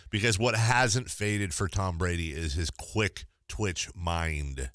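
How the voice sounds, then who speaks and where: A man's voice: deep voice, takes it slowly, fairly bright tone, no room sound, studio quality. A man hosting a sports radio show, talking casually and laughing often.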